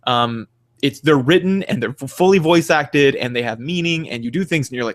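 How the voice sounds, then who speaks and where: Young male podcast co-host, middle pitch, animated and profane gaming rant. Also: fairly quick. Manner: animated, profane, ranting with mock voices. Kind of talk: casual gaming chat.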